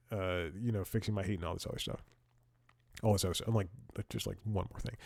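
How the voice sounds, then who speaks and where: A man's voice: fairly low pitch, a little mellow, no room sound, clean studio sound. A young man hosting a comedy podcast, telling a rambling story and often chuckling and restarting his sentences. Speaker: podcast host. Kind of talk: casual comedic monologue.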